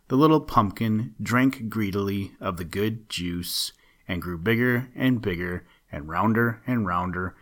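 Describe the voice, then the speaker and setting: A man reading a children's story aloud in a gentle, measured way. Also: lowish voice.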